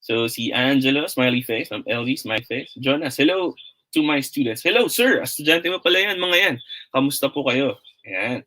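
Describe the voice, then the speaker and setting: A man's voice: mid-range voice, expressive, brisk, pushed and bright, rough recording. A young man with a Filipino accent, teaching an online English pronunciation lesson in a chatty, upbeat way, reading out and greeting viewer comments.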